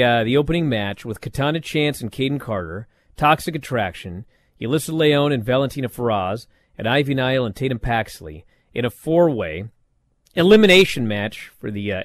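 A man casually recapping a wrestling show on a podcast, telling it with lots of uh's and quick asides. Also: medium pitch, no echo. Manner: animated storytelling with frequent fillers.

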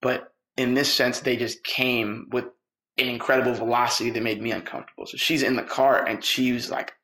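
Gravelly man telling a personal story. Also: medium pitch, fairly quick. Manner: lively, quotes people in dialogue. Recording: roomy echo with faint music.

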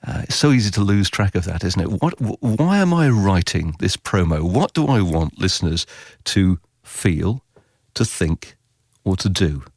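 A man answering interview questions about radio writing, animated and chatty, often acting out imagined voices. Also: a little slow, no room sound, studio quality. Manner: animated, quotes imagined voices with big pitch leaps.

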